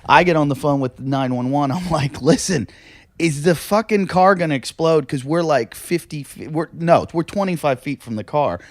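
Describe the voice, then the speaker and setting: A man's voice: a little high, moderate pace, no echo. A male comedian telling rambling stories on a podcast, swearing freely, laughing often and acting out the people he quotes. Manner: swears a lot, acts out quoted voices. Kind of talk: casual storytelling chat.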